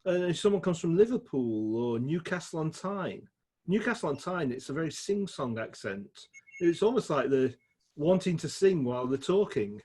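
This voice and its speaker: A middle-aged man with a Yorkshire accent, telling stories in a chatty, animated way as an interview guest. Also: fairly high pitch, moderate pace, slightly rough. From England. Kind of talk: casual storytelling chat.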